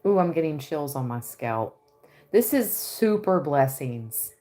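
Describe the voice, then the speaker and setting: A woman reading tarot cards in an unhurried, drawn-out way over soft background music. Her voice sits fairly low, and she drifts between dreamy musing and sudden giggly excitement. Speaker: tarot reader.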